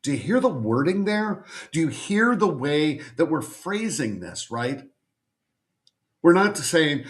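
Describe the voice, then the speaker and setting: A man's voice: on the high side, sing-song, slow. Emphatic male literary agent lecturing viewers. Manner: emphatic, repetitive, speaks straight to the viewer. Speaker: literary agent giving advice. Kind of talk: direct-to-camera educational talk.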